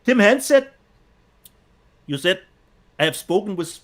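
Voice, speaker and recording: A man with a German accent and a fairly high voice, chatting casually as a co-host. He reads viewer comments aloud and laughs easily. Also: lively intonation, unhurried, fairly bright tone. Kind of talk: casual chat.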